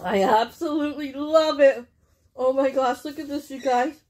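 A woman's voice: high-pitched, moderate pace, a little mellow. A Canadian woman chatting casually as she unpacks a gift package, gushing and laughing often. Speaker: vlogger opening a gift package. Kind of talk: casual unboxing chat. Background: crinkling bags and packaging.

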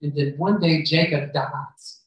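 A man's voice: a little high, unhurried. A man preaching a sermon, retelling a Bible story and acting out what the characters say. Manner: storytelling, acts out the characters' lines. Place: church hall. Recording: very echoey hall, voice far from mic.

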